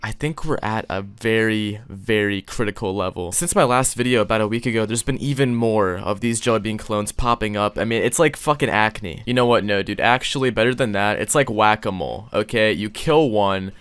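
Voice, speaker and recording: A young man doing comedic reaction commentary, crude and loud, breaking into mock outrage and sudden yelps. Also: on the low side, normal speed, hardly any pauses, clean tone, no echo. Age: young adult. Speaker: YouTube commentator.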